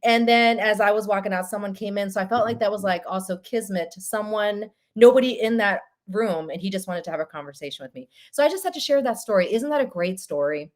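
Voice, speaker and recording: A woman hosting a live stream show, telling stories in a chatty, animated way. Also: medium pitch, quick pace, few pauses. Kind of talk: casual live-stream chat.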